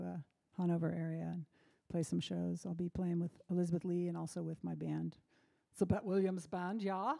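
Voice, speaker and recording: Woman musician, host of her own fireside stream: mellow, relaxed, chatty, faint guitar behind. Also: lowish voice, vocal fry. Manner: relaxed, chatty, many ums and restarts. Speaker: singer-songwriter hosting a live stream. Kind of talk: casual chat between songs. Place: home by the fireside.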